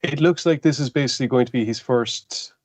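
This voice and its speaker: A man's voice: medium pitch, a little fast, no room sound. A man co-hosting a casual podcast chat, looking things up and explaining them with dry wit. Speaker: podcast co-host.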